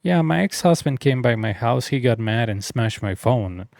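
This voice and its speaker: A man's voice: mid-range voice, lively intonation, moderate pace, vocal fry, darkish tone, no echo, studio quality. A man voicing a friendly young woman in a chatty, light way while retelling a story.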